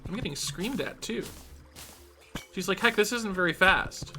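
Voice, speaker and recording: Brief: male streamer, bright, animated pitch, chatty thinking-aloud commentary. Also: measured pace, faint music behind. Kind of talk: live-streamed gameplay commentary.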